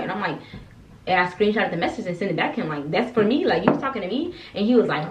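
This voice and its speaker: A young woman in her twenties, a soldier, telling a casual story time with animated, expressive and profane delivery. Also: medium pitch, quick pace. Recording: echoey, distant, dull room recording.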